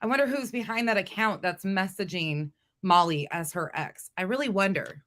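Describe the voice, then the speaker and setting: Host of a gossip chat: a woman with a bright, clear voice who asks the viewers rhetorical questions. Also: mid-range voice, normal speed.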